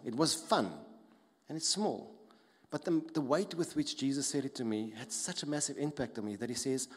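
A man preaching a church sermon, his mid-pitched voice ringing with long reverb through the hall. He repeats phrases with emphasis and lets some lines fall quiet for weight. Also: husky. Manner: emphatic, repeats key phrases, drops soft for stress. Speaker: pastor.

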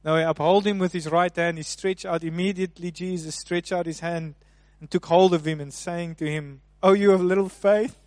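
High-voiced preacher, dry close sound. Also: male voice, steady tone, moderate pace, few pauses, dry recording. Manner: preaching with swings between soft hushed and loud emphatic delivery. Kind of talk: sermon.

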